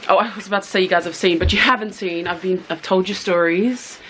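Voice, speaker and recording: A woman's voice: fairly low pitch, quick pace, fairly bright tone. A woman vlogging casually to camera while travelling, chatting to her viewers. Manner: chatty, addresses viewers as guys. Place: travelling through airport and outdoors. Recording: noisy background.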